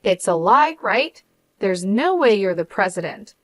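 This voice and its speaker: A woman's voice: mid-range voice, big pitch swings, a little slow, fairly bright tone, no echo. Greedy anxious young woman, pleading then defensive, a woman reading her lines, dry close sound. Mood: accusing.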